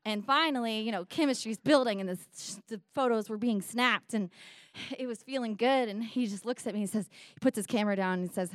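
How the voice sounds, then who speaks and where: A young woman telling a bawdy comic story, animated and full of voiced asides. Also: on the high side, brisk, no room sound, studio quality. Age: young adult.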